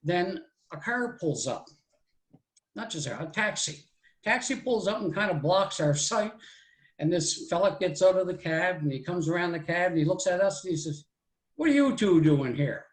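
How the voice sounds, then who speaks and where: This guest storyteller, a man in his 60s with a voice that sits high, recounts his childhood at a moderate pace during a live oral storytelling session. He's folksy and meandering, fond of "so anyway" and "right?", and the low-quality recording has an echoey room.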